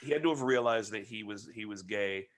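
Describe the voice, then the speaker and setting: A man in his forties, a podcast guest, joking around in animated casual chat. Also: lowish voice, fairly quick. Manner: animated, joking, voices other people.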